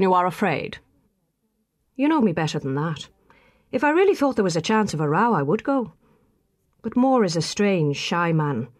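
A woman's voice: mid-range voice, dry recording, clean studio sound. A woman reading the part of a brash, boastful young Irish curate who answers surlily. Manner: boastful, surly.

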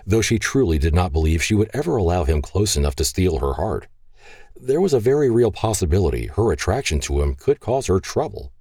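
A man reading a romance novel aloud as narrator, measured and expressive. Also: deep voice, husky, no echo, clean studio sound. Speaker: audiobook narrator.

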